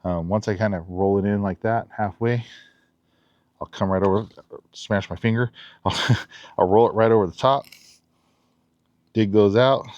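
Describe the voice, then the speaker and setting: Laid-back low-voiced man demoing a knife. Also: fairly even intonation, moderate pace, long pauses, darkish tone, no echo, dull audio. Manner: chatty, laid-back, giggly asides. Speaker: knife reviewer. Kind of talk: casual outdoor demo talk. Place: backyard outdoors.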